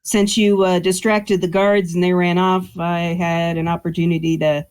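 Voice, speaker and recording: A blunt, scrappy woman fresh out of a jail cell, as a woman puts her on in a tabletop game. Her voice sits somewhat low and she talks in an unbothered way over an online voice call. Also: flat delivery, normal speed, darkish tone, clean tone, lightly acted.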